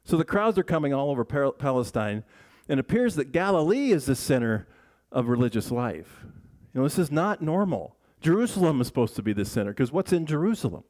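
This man's mid-range voice has a sing-song lilt and a darkish tone, and he moves along briskly. He's a pastor giving a chatty church sermon, walking his congregation through the text, quizzing them, and often restarting his sentences.

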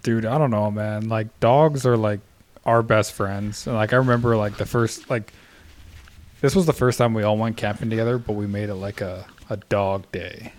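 A man's voice: lowish voice, fairly even intonation, normal speed, darkish tone. A man chatting casually with friends on a podcast, laid-back and swearing freely. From Canada. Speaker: podcast guest. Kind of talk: casual chat among friends.

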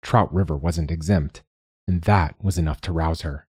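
A man narrating a novel in a measured, unhurried storytelling manner. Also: extremely low pitch, darkish tone, husky, dry recording, studio quality. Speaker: audiobook narrator. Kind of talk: scripted narration.

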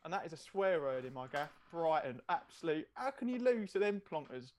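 High-voiced man, teasing. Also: very animated, brisk, darkish tone. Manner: jokey, teasing. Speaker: podcast co-host. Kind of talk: casual football chat.

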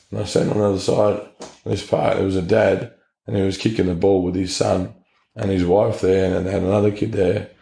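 In an interview, an Australian man gives personal testimony, telling his story bluntly and earnestly with plenty of slang. His voice is low, creaky and mellow, and the room is echoey.

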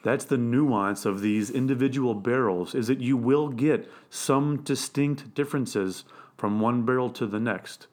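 Man, mid-pitched voice, casual podcast chat, explains patiently. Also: a little slow. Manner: relaxed, explains in detail. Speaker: podcast co-host.

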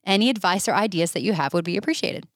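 A woman's voice: mid-range voice, fast, dry recording, studio quality. A woman co-hosting a podcast who reads listener questions and reacts in a giggly, encouraging way. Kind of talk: casual chat.

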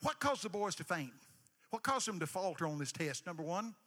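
A man preaching a sermon, emphatic, swinging from hushed asides to shouted lines and calling for responses. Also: sits high, sing-song, a little fast, long reverb tail. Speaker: pastor.

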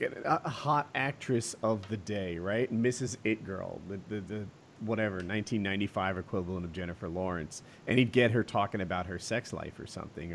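A man's voice: on the low side, slight background noise. A man talking in a casual podcast chat, telling stories animatedly and acting out quotes. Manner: animated storyteller, acts out quotes, laughs often.

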